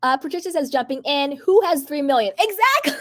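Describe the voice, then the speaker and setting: A woman hosting a live gossip stream, chatting casually and reading out viewer comments in an animated way. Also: high-pitched, normal speed.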